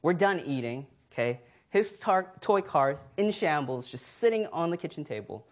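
A man's voice: fairly high pitch, moderate pace. A man preaching a sermon through a personal story, acting out voices and laughing as he goes. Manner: animated storyteller who acts out voices and laughs.

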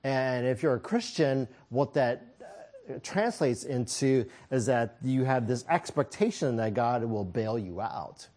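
A man's voice: medium pitch, expressive, unhurried, a little mellow. Chuckling man preaching with humor. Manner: humorous, self-deprecating storytelling with frequent chuckles. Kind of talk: sermon with a personal story.

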